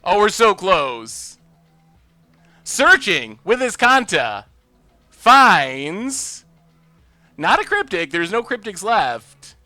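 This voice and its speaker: A man hosting a live game stream, thinking out loud about his plays and bursting into loud cheers when things go his way. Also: high voice, big pitch swings, extremely slow, pauses often, no room sound, soft background music. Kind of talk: live gameplay commentary.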